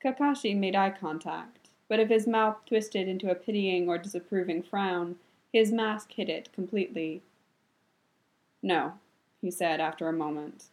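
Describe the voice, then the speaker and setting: Brief: woman narrator, calm measured storybook reading, mid pitch.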